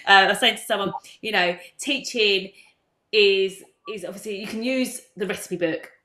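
A woman's voice: mid-range voice, normal speed, slight background noise. Woman host, echoey room. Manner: warm and reflective, hesitant, searching for words. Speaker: podcast host. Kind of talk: casual conversational podcast chat.

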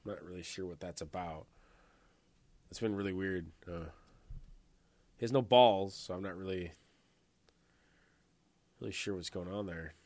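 A man's voice: low voice, normal speed, long pauses, darkish tone, dry recording. A man co-hosting a podcast, telling rambling, profane stories in casual chat, full of fillers. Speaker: podcast co-host.

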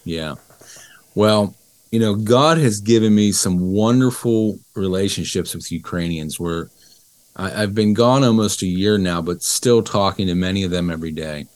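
A middle-aged man telling a story as an interview guest, lively and acting out the dialogue of the people in it. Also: low-pitched, normal speed, no echo. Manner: animated storyteller who acts out dialogue. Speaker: interview guest, business educator.

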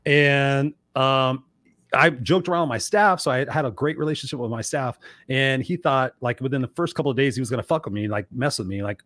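A middle-aged man co-hosting a casual online talk show, telling stories with lively energy and plenty of swearing. His voice has a mid-range pitch. The sound is close and dry, with little room echo. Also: brisk. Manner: animated, profane, acts out quotes loudly. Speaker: co-host. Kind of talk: casual storytelling chat.

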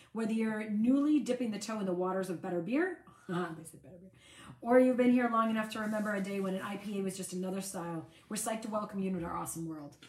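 A woman from Buffalo, New York co-hosts a relaxed beer tasting, teasing her partner and reading can labels aloud. Her pitch is ordinary for a woman, and the room adds noticeable echo. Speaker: beer-tasting show co-host. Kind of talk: casual chat.

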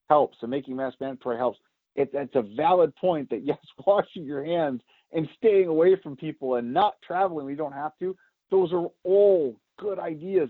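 A man co-hosting a political podcast, talking loudly and emphatically, getting louder when he is excited. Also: on the high side, no echo. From United States. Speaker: podcast co-host. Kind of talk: opinionated political podcast talk. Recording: tinny phone-like sound.

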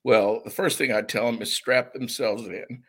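A man's voice: medium pitch, fairly even intonation, normal speed. A man speaking as an interview guest, recalling personal experiences in an earnest, reflective way. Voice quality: gravelly, husky. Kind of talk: conversational interview.

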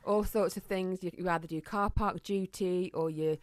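A woman's voice: on the low side, fairly even intonation, normal speed, no echo. A middle-aged woman co-hosting a podcast, telling jokey stories in casual chat. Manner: chatty, jokey storytelling. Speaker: podcast co-host.

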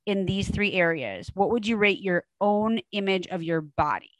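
A woman's voice: medium pitch, moderate pace, no room sound, rough recording. A middle-aged woman hosting a podcast interview, enthusiastic and affirming in a conversational way. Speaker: podcast host.

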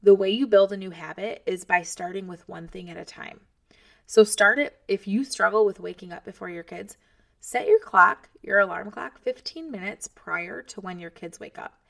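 A woman in her thirties hosts a podcast, chatting casually and encouragingly to other moms and speaking straight to the listener in a motivational way. Her mid-range voice has vocal fry and a fairly bright tone, at a moderate pace.

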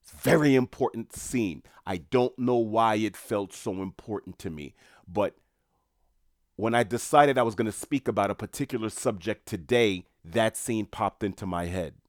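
New guy chatting to his viewers, rambling, lowish voice, dry close mic. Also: moderate pace, dry recording. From New York. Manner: rambling, conversational, addresses viewers. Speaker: commentator. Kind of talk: casual monologue.

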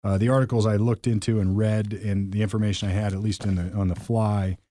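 Low, mellow-voiced man chatting casually. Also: level tone, fairly quick, dry recording. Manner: storytelling, easygoing, chuckles. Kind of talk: casual chat.

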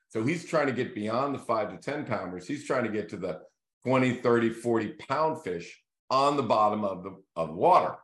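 A man hosting a casual video series, telling a fishing story in a loose, animated way and acting out the voices of the people in it. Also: medium pitch. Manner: animated storyteller who acts out quoted voices. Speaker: real estate team leader hosting a video series. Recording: echoey room.

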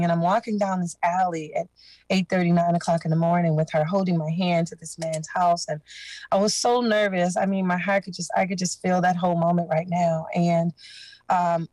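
A woman's voice: on the low side, a little mellow, dry recording, poor audio. A woman guest on a podcast telling her personal story earnestly, with emotion and references to her faith. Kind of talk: personal testimony.

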